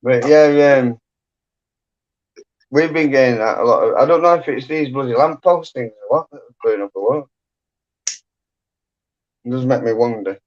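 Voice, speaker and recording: A chatty man talks at a middling pitch, rambling along with plenty of fillers. He is a casual livestream host speaking from home. The sound is dull and lo-fi. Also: normal speed, long pauses, a little mellow. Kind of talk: casual chat.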